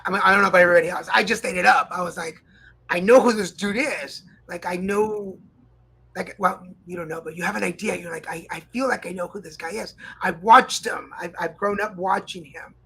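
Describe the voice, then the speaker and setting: A man's voice: sits high, bright, forceful tone, husky, rough recording. A man hosting a live-stream interview, asking long rambling questions that stop and restart. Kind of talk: casual interview.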